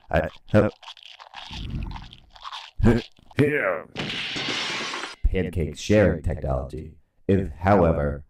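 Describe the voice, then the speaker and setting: Very deep man, deadpan, roomy distant mic. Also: slow pace, long pauses, slight background noise. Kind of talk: comic narration.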